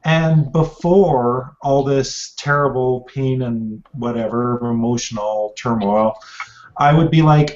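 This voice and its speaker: A tired man talks slowly and hesitantly, pausing often to find his words. His pitch is ordinary. The sound is dull and muffled, like a cheap voice-chat mic. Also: a little mellow, a little hiss or hum. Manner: slow, hesitant, searching for words. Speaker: participant. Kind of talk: casual group voice chat.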